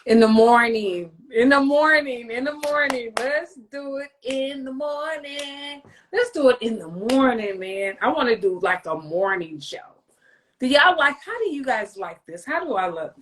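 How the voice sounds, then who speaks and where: On a low-quality recording, a livestream host with a high voice chats at a measured pace. Her talk is loose and rambling, peppered with profanity and jokes.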